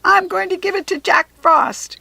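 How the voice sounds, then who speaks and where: A woman's voice: normal speed, vocal fry, pushed and bright, no echo, full character voice. A woman doing shrieking gleeful goblins. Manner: high hooting squeals.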